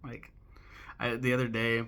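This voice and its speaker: A man's voice: medium pitch, monotone, unhurried, a bit bright, smooth. A young man rambling casually to camera as a vlogger, joking and swearing in an offhand way.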